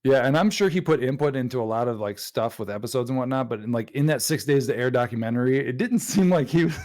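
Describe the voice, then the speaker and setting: A young adult man hosting a podcast in casual chat, telling stories excitedly with frequent laughter. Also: mid-range voice, fast talker. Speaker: podcast host.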